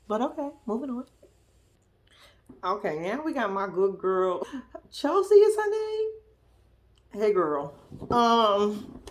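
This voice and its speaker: Sassy, animated woman recapping TV. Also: mid-range voice, a little hiss or hum. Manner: sassy, animated, acts out the cast's lines. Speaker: reality TV commentator. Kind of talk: casual recap commentary.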